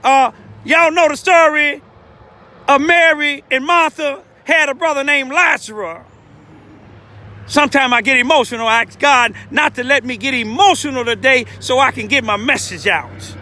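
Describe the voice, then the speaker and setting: An older man, speaking as a self-styled lay preacher, gives an emotional, informal testimony on a cold urban street outdoors. His voice is very high-pitched, bright and forceful at a normal pace, and he rambles with repeated asides.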